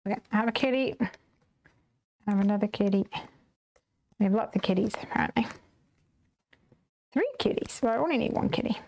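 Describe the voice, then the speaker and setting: A woman with a soft Northern Irish accent chatting casually while she makes cards on a live stream and answers viewer comments. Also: medium pitch, brisk, gravelly, long pauses. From Northern Ireland. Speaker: live stream craft host. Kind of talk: casual chat while demonstrating card making.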